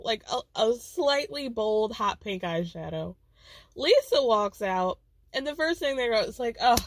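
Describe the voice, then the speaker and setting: A woman's voice: medium pitch, dry recording. A woman hosting a casual podcast, recapping reality TV in a gossipy, chatty way and laughing often.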